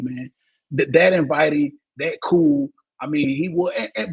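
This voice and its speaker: Husky, high-voiced host. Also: male voice, rough recording. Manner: energetic, tags "man" onto most phrases. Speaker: podcast host. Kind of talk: casual sports talk.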